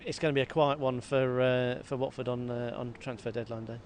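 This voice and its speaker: A man co-hosting a football podcast, talking in a lively, self-mocking way and often repeating words. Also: medium pitch, fairly quick. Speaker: podcast co-host. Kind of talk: casual football chat. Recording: faint background noise.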